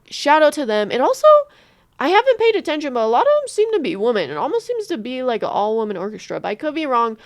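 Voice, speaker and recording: A woman from the United States giving casual reaction commentary, expressive and thinking aloud, swearing freely. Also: medium pitch, no room sound, clean studio sound. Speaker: reaction streamer.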